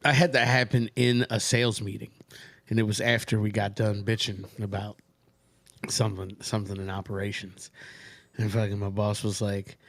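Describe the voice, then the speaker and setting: A man's voice: fairly low pitch, flat delivery, moderate pace, no room sound. Profane male podcast co-host. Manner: profane, laughs while telling stories. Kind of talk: casual chat.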